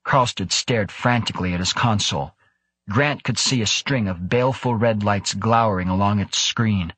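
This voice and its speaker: A man narrating a science fiction audiobook in a measured, even storytelling manner. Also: on the low side, breathy edge, no room sound. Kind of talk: scripted narration.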